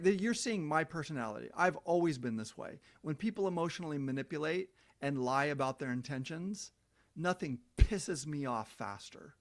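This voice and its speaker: Profane, ranting man, slightly high voice. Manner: profane, heated, emphatic. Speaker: vlogger. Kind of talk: angry rant to camera.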